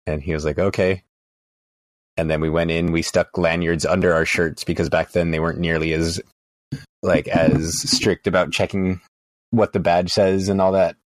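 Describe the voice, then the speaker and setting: A man with a deep, low voice tells stories in a flat, deadpan way as a guest on a gaming podcast. The sound is dry and close. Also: normal speed, no room sound. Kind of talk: casual chat.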